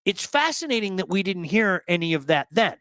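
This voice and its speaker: A man hosting a casual hockey talk show, telling blunt, animated stories and repeating words for emphasis. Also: high voice, fairly quick, no echo. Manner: blunt, swears.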